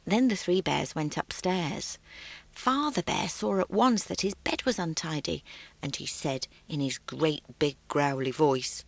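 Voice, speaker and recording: A woman reading a fairy tale aloud for children in an expressive, sing-song way. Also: lowish voice, unhurried, vocal fry, no room sound. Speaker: storyteller. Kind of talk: children's story narration.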